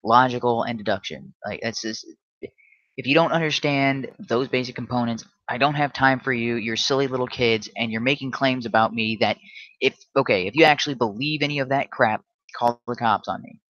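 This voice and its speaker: A man's voice: medium pitch, brisk, a bit bright, dry recording, dull audio. Combative man ranting on a livestream. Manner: combative, stammering restarts. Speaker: livestream host. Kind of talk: solo livestream rant.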